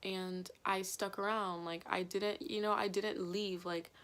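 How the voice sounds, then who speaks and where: A woman's voice: medium pitch, level tone, a little slow, fairly bright tone. A woman in her twenties, a vlogger telling a story to her camera in a rambling, casual way, full of fillers and casual swearing. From Canada. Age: 20s. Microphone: compact camera mic.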